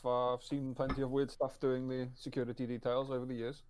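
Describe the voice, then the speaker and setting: A man's voice: medium pitch, monotone, a little fast, darkish tone, smooth. A man playing a tabletop spy game, hesitant and full of stammered restarts. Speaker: player.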